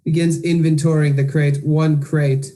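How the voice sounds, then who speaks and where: A man's voice: on the high side, level tone, a little slow, warm tone. A man playing a tabletop game, hesitant, narrating his character's actions.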